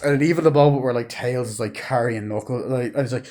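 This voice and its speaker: A man giving a casual movie review, rambling excitedly, swearing often and retelling scenes. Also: mid-range voice, fast, hardly any pauses.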